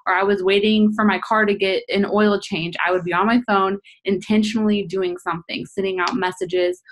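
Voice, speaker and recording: A woman's voice: medium pitch, steady tone, normal speed, a little hiss or hum. A young woman leading a group call, giving casual, earnest coaching tips and often repeating herself for emphasis. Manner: earnest, repetitive, addresses listeners as "you guys". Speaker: team leader hosting a business call.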